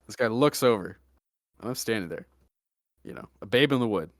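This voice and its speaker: A young man hosting a podcast, telling a story in a deadpan, joking way with mock-serious asides. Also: on the low side, moderate pace, no room sound, clean studio sound. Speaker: podcast host. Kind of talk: casual storytelling chat.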